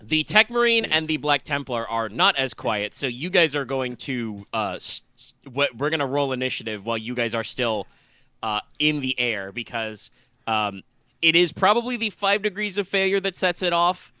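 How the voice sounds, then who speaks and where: A man's voice: mid-range voice, normal speed, pushed and bright, smooth, no room sound. A man narrating a tabletop game as game master, talking loosely with many fillers and restarts.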